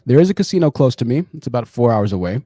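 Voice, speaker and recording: A fast-talking young man hosting a laid-back livestream and chatting straight to his viewers. His voice is mellow and rather dark, and he often repeats a phrase for emphasis. The sound is dry and close, with little room in it. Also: mid-range voice, big pitch swings, no room sound. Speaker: livestream host. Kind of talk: casual livestream chat.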